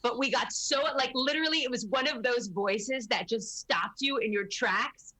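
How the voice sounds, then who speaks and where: A woman voice actor telling a story on a panel with open enthusiasm. Her voice is fairly high, bright and forceful. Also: moderate pace. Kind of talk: casual panel talk.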